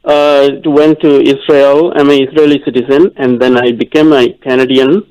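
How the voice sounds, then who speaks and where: A man from India calling in with an immigration question, hesitant and halting, with lots of fillers. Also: mid-range voice, little pitch movement, darkish tone, clear, resonant tone, dry recording, low-quality recording. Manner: hesitant, many uh fillers and restarts. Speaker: caller. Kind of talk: phone call-in question.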